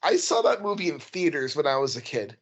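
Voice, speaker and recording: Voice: medium pitch, big pitch swings, a little fast, breathy edge. A podcast co-host chatting casually, laid-back and rambling, laughing often. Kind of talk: casual chat.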